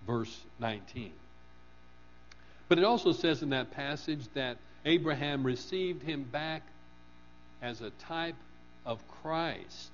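Slow earnest male preacher, lo-fi. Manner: earnest, rising to fervent emphasis and dropping low on key words. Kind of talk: sermon. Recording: dull lo-fi recording with mains hum.

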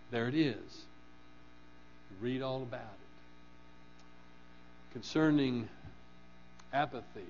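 A male preacher delivers a sermon at an unhurried pace, earnest and building to fervent peaks before falling quiet. The recording is dull and lo-fi, with a faint mains hum underneath. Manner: earnest, rising to fervent emphasis and dropping low on key words.

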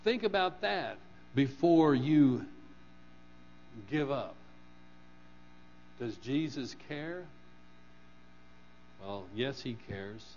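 A man preaching a sermon in an earnest manner, rising to fervent emphasis and dropping low on key phrases. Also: expressive, extremely slow, long pauses, a little mellow. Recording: dull lo-fi recording with mains hum.

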